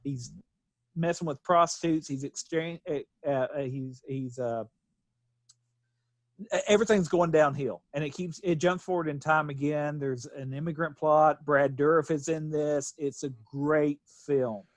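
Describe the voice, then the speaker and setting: Casting: high-voiced man, podcast co-host, laughs a lot, dry close mic. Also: fairly even intonation, a little slow, dry recording. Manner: laughs often, reads quotes aloud. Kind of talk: casual chat.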